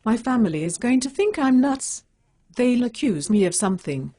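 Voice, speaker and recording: A woman's voice: on the high side, sing-song, moderate pace, mellow. A female synthetic voice playing a stubborn, bacon-loving cat superhero who talks in blunt, plain statements. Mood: conceding. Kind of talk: synthetic animated dialogue.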